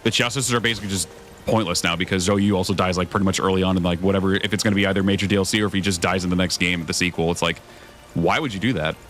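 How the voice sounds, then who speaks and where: A man's voice: deep voice, fairly even intonation, rapid-fire, fairly bright tone, soft background music. A young man streaming a video game, chatting casually with his viewers, swearing often and rambling between thoughts. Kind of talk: casual gameplay commentary.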